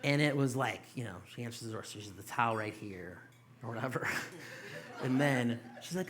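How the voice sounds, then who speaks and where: Young male stand-up comic, bright tone, crude loose storytelling, club stage. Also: mid-range voice, brisk. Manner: loose, profane storytelling with mocking quoted voices. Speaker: stand-up comedian. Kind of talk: stand-up set. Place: small comedy club stage.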